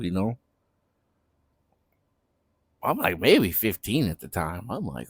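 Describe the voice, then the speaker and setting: A man's voice: fairly low pitch, huge pitch swings, unhurried, pauses often, slightly rough, no echo. Laid-back young man telling a story. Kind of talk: casual storytime vlog.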